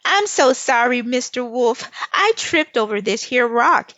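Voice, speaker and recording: A woman voicing a bold, witty little girl, with high, loud exclamations. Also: lively intonation, measured pace, dry recording, dull audio. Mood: teasing.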